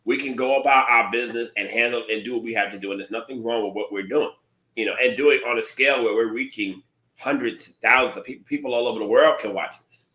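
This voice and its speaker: A man co-hosting a podcast, talking in an earnest, measured and thoughtful way in casual chat. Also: mid-range voice, sharp tone. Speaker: podcast co-host. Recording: roomy echo.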